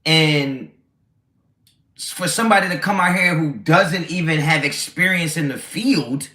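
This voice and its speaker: A man's voice: on the high side, a little slow, sharp tone. A man hosting a casual football livestream, talking brashly and with a lot of swearing as he answers his chat. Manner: brash, profane, reads chat aloud. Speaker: livestream host.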